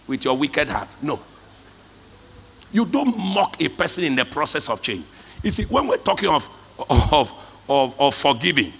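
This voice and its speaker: A man's voice: fairly high pitch, very animated, moderate pace, creaky, sharp tone, breathy edge. A male pastor preaching a sermon, emphatic, calling out to the congregation for responses. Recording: long hall reverb.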